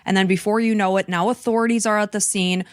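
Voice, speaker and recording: A woman's voice: medium pitch, steady tone, fast talker, smooth, no echo, studio quality. A woman hosting a true crime podcast, earnestly recounting events step by step. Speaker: podcast host.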